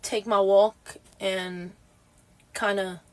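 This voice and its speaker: A woman livestreaming in casual chat, sounding exhausted and talking bluntly with lots of swearing and halting restarts. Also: mid-range voice, flat delivery.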